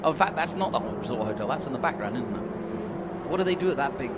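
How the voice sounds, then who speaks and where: A man's voice: medium pitch, fast talker. A man doing live race co-commentary with a playful, joking manner. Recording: steady noise in background.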